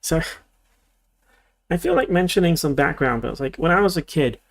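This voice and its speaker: Young man, casual streamer chat, gravelly fry, rambles and self-corrects. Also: a little high, expressive, normal speed. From Australia. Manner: rambling, thinking aloud with frequent restarts. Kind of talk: casual livestream chat while building.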